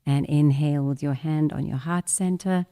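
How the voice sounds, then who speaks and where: A woman leading a guided meditation and breathwork in a church service, speaking gentle instructions and repeating affirmations. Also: deep voice, fairly even intonation, clear, resonant tone. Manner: slow, gentle spoken guidance with repeated affirmations.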